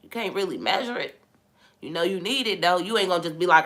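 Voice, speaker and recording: A young woman hosting a podcast, talking in a relaxed, conversational way about faith and sometimes dropping into a hushed voice when she tells a story. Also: lowish voice, fast. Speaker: podcast host. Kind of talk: casual spiritual talk.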